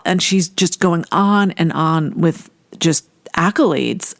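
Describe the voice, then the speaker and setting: A woman casually telling a personal story, animated and acting out the voices of people she quotes. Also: lowish voice, takes it slowly, creaky, few pauses, no room sound, studio quality. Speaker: storyteller recounting a personal memory.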